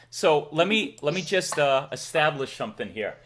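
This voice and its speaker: A man's voice: a little high, very animated, moderate pace, a bit bright, slight background noise. A talkative man with a Massachusetts accent hosts a laid-back livestream. He laughs easily and chats while reading out donations. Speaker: livestream host. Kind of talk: casual livestream chat.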